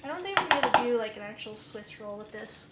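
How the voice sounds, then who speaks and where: Woman, live cooking streamer, rambling self-deprecating chat, higher voice, home kitchen, clattering dishes. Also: animated, fairly quick, reverberant, very noisy.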